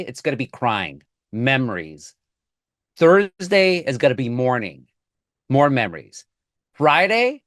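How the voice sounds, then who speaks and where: A man's voice: mid-range voice, no echo, clean studio sound. A man from Southern California, a newspaper columnist talking as a guest on a podcast, speaking emphatically and slipping into Spanish phrases. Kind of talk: casual podcast conversation.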